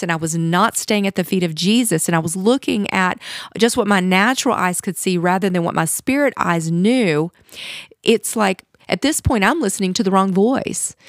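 A woman's voice: medium pitch, no echo, studio quality. A middle-aged woman hosting a podcast, telling her personal faith testimony in an earnest, confessional way. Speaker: podcast host.

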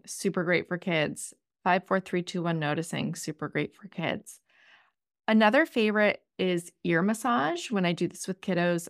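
Woman cohost explaining calming stuff, gentle and kinda sing-songy, dry sound. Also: on the low side, creaky, no room sound. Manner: gentle, instructive, sing-songy with kids' exercises. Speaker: podcast co-host; parent. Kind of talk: casual chat.

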